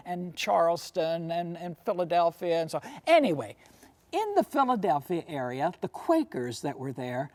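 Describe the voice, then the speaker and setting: A woman's voice: medium pitch, darkish tone. A woman lecturer and tour guide telling history as a story, posing questions to her audience and often adding "you see".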